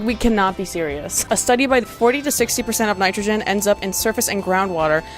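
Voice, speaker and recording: A young woman ranting to camera in a sarcastic, profane, exasperated commentary vlog, breaking into laughs. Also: medium pitch. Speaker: video essayist.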